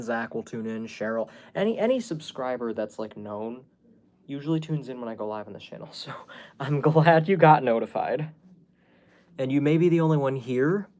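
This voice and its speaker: A man's voice: mid-range voice, a little mellow. A man hosting a casual livestream from home, rambling to his viewers with many fillers and restarts. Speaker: YouTube livestream host.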